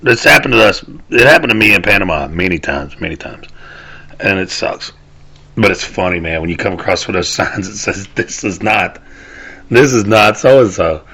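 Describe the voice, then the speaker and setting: A man's voice: low voice, expressive, fairly quick, gravelly, pushed and bright, breathy edge. A man, hosting a casual rant show, rambling and cursing as he laughs at his own stories. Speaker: podcast host. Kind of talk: casual ranting monologue.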